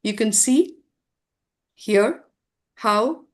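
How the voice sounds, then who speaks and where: A woman giving a slow, earnest slide presentation to an audience in a conference room, with some fillers. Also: medium pitch, animated. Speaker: presenter at a summit session.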